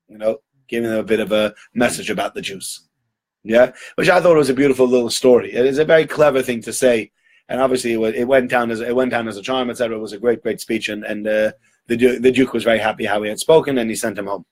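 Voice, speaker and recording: A man's voice: mid-range voice, fast talker. Conversational man telling a story. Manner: conversational, many fillers and restarts. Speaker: Torah teacher. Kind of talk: storytelling holiday talk.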